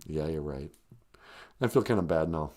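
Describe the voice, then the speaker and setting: A man's voice: very deep voice, lively intonation, moderate pace, a little mellow. Guy ranting on his podcast livestream, sarcastic and grumpy, voice bouncing up and down a lot. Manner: sarcastic, rambling, mock-grumpy. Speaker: podcast host. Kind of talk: comedic rant on a live stream.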